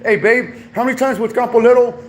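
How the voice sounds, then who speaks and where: A man's voice: very high-pitched, steady tone, fast, slight background noise. A man in a heated livestream rant from home, confrontational, repeatedly calling the listener dog and my boy.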